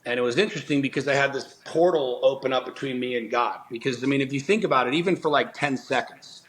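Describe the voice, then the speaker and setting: A middle-aged man, a podcast guest, tells a personal story in conversation, fast and earnest with intense energy. His medium-pitched voice is a bit bright, he swears often and restarts sentences, and the recording is low quality.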